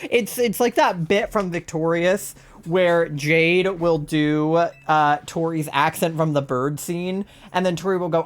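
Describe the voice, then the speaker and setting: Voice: medium pitch, steady tone, a little slow, few pauses. A young adult streamer from Virginia chatting casually during a live gaming stream, rambling, swearing freely and laughing often.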